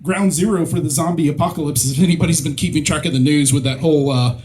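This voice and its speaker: Guy doing standup, kinda high voice, lots of ums, pokes fun at himself, reads off a cheat sheet. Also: fairly even intonation, fast, darkish tone. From Mississippi, USA. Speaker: stand-up comedian. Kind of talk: stand-up comedy set.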